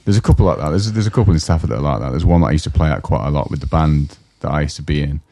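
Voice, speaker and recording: A man's voice: rumbling low, racing, creaky, dark tone, no room sound, clean studio sound. A man from the co-hosting a podcast, rambling through stories in casual chat and acting out the people he describes. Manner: rambling storyteller, acts out voices of people he describes. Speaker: podcast co-host. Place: indoor podcast studio.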